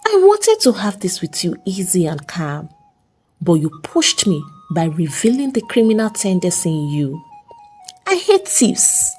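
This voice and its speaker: A woman's voice: on the low side, wildly swooping pitch, unhurried, darkish tone, faint music behind. A woman voicing a ruthless, wealthy middle-aged male chief who speaks in a cold, domineering way, in a storybook reading.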